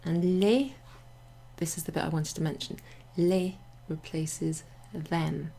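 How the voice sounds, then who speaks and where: Husky, gravelly woman teaching French grammar. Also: low-pitched, steady tone, takes it slowly, dark tone. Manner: chatty, with many fillers and asides. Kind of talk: casual explanatory lesson. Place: home near a greenhouse.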